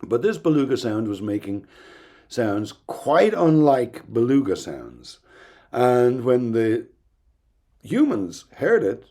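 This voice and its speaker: A middle-aged man giving a recorded university lecture in an explanatory, thoughtful way, pausing now and then with "um". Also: mid-range voice, very animated, mellow. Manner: explanatory, thoughtful, with occasional ums and restarts.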